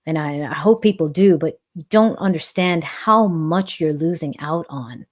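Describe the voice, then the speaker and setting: Dance instructor host, a woman with a low voice, earnest and reflective, live-stream Q&A. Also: moderate pace. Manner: earnest, reflective, repeats phrases for emphasis. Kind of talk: live-stream Q&A, reading chat comments.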